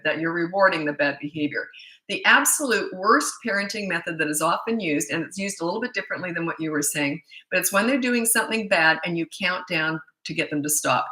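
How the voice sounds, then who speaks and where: A woman's voice: fairly low pitch, animated, fairly quick, bright, forceful tone, echoey room, rough recording. Blunt, emphatic woman parenting coach. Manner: blunt, emphatic, with many restarts. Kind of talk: live Q&A, answering viewer questions.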